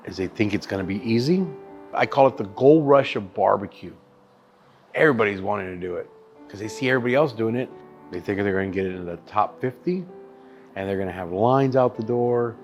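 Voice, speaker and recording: Swearing, animated barbecue chef man. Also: lowish voice. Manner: animated, swears freely, calls the listener dude and brother. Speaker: barbecue restaurant chef-owner. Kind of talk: casual storytelling interview.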